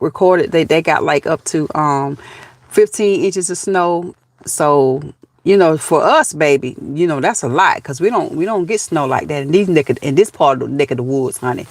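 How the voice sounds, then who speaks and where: A woman's voice: deep voice, no echo. A woman with a Southern US accent from Georgia, hosting a casual live stream outdoors and chatting folksily with viewers, calling them baby and honey.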